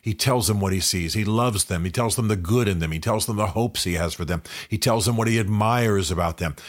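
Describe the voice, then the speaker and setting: A man's voice: lowish voice, fairly quick. An older man and men's ministry leader giving a direct, earnest motivational talk to men.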